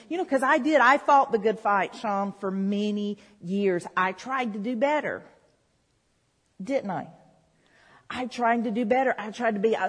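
A woman's voice: a little high, breathy edge. A woman preaching a sermon in a church, talking conversationally with the congregation. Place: church hall. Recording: reverberant hall.

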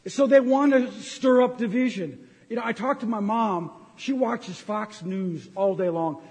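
High-voiced impassioned preacher man. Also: a little slow, a little mellow. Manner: impassioned, ranting, jokey. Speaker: pastor. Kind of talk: sermon. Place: church sanctuary. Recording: long hall reverb.

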